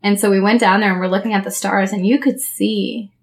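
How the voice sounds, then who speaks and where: A woman's voice: mid-range voice, fairly even intonation, fairly quick. A woman co-hosting a podcast, chatting casually and rambling with fillers, laughing often. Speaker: podcast co-host. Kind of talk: casual chat.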